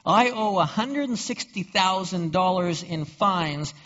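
A man's voice: sits high, expressive, a little slow, a bit bright. A man preaching a sermon as pastor, asking rhetorical questions and often repeating words as he goes. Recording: dull reverberant hall recording.

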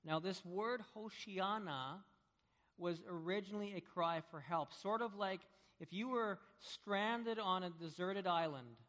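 A man preaching a sermon, telling vivid stories that swing between hushed and loud. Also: high-pitched, measured pace. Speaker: pastor. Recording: long reverb of a large hall.

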